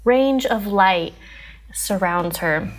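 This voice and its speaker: A woman's voice: medium pitch, animated, slow pace. Woman at a tabletop game, kinda hesitant, lots of ums and likes. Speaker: player. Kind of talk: casual tabletop game play.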